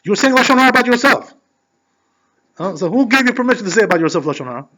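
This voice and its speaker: A man giving a conversational Torah class as a rabbi, animated and filling his talk with "you know". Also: sits high, very fast. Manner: peppers speech with "you know". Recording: dull lo-fi recording.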